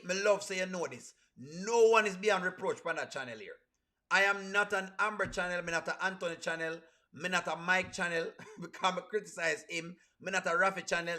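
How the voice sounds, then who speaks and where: A man with a Jamaican accent giving lively live reaction commentary, mixing patois into his English. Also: high voice. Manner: animated, mixes patois with standard English. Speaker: reaction streamer.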